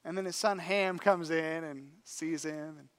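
Male pastor, sermon, animated storytelling, casual conversational delivery. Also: a little high, unhurried. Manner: animated storytelling with acted quotes.

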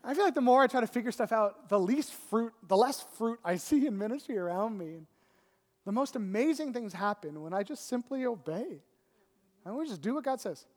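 Animated man preaching in a reverberant hall. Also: very high voice, a little fast. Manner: animated, self-mocking, keeps adding "right?". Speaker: pastor. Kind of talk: storytelling sermon.

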